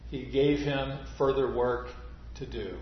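Slow, echoey preaching man. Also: medium pitch, steady tone, slight background noise. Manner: slow, deliberate preaching, dropping to near-whisper on key phrases. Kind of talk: sermon. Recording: muffled, very echoey church recording.

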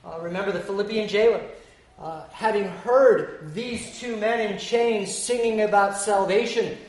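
A preacher delivering an expository sermon in a measured, explanatory way, often pausing with "uh". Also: medium pitch, a little mellow. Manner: measured, explanatory, with frequent "uh" pauses. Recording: echoey room.

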